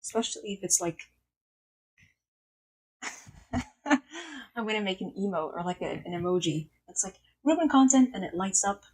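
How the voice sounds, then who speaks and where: A young woman live streaming, chatting casually with her chat, blunt and swearing freely, her voice swinging from loud to hushed. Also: mid-range voice, animated, unhurried, long pauses, slightly rough, rough recording.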